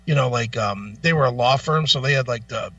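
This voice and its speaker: Man, co-host, casual profane storytelling, bright lively voice, a bit off-mic. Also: medium pitch, a little fast, far from the mic, dull audio. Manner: profane, animated anecdote telling.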